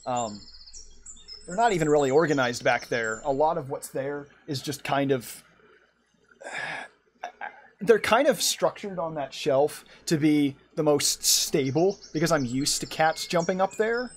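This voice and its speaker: With a higher voice, lively intonation, and a slightly slow pace, this art streamer chats from his room at home over a bit of hiss or hum. He rambles casually while drawing and replying to his chat.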